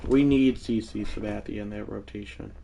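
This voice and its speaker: A man's voice: fairly low pitch, steady tone, moderate pace, gravelly, dark tone, dull audio, slight background noise. A man live-streaming a video game, commenting on the play and talking to his chat in a rambling, easily irritated way. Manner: talks to chat, easily frustrated, rambling asides.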